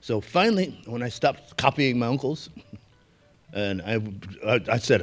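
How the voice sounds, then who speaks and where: A man's voice: medium pitch, expressive, measured pace. An older man from Brooklyn giving a keynote speech, telling folksy, anecdotal stories and chuckling along with the audience. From Brooklyn, New York. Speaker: keynote speaker. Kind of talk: storytelling speech.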